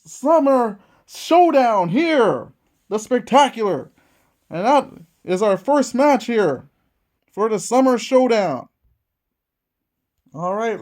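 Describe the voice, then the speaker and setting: Man, wrestling play-by-play commentary, excited ring announcer, calls each move as it lands. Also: very high voice. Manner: excited ring announcer, calling moves as they happen. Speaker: host playing a tabletop wrestling game.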